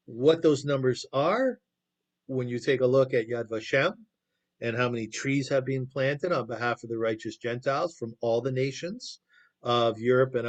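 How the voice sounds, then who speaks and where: A man teaches by telling stories in a relaxed, conversational way. He keeps putting questions to his listeners. The sound comes through a video call. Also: mid-range voice. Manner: conversational, asks the audience questions. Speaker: lecturer. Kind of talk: storytelling lecture.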